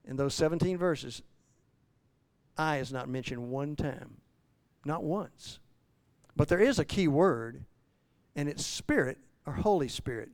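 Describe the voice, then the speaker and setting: A man in his sixties preaching a folksy sermon full of restarts and self-deprecating asides, rising loud and high when he voices a struggling believer. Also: clean tone, no echo. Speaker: pastor.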